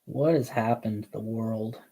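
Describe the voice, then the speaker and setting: Slow, rambling laid-back young man. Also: on the low side, steady tone, vocal fry, warm tone. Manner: slow, meandering, laid-back with slangy asides. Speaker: model painting streamer. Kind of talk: rambling casual chat while painting.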